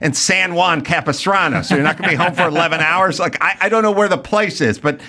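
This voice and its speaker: A man's voice: on the high side, quick pace. A male podcast host telling a rant-filled story in casual chat, acting out the people in it. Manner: animated, ranting, acts out quotes.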